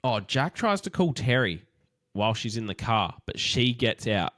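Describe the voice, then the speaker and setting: A man recapping a TV show in casual chat, acting out scenes in quick quoted voices. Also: mid-range voice, very animated, fairly bright tone, dry recording, clean studio sound. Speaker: podcast co-host.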